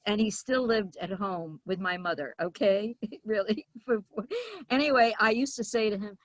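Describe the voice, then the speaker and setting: An older woman doing stand-up comedy, telling stories about her family in a brash, deadpan way and slipping into exaggerated voices for the people she quotes. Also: mid-range voice, moderate pace, no room sound. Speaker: stand-up comic. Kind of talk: stand-up storytelling.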